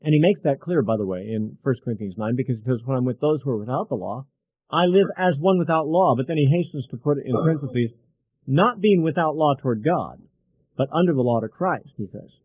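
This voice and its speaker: A middle-aged man teaching verse by verse through a Bible book in a relaxed, conversational way, thinking aloud with asides and fillers. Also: medium pitch, a little fast, dry recording, narrow, tinny audio.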